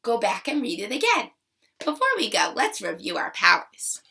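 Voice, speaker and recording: Woman teacher, children's reading lesson, lively bright voice, gravelly edges. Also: mid-range voice, far from the mic. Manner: slow, expressive, encouraging.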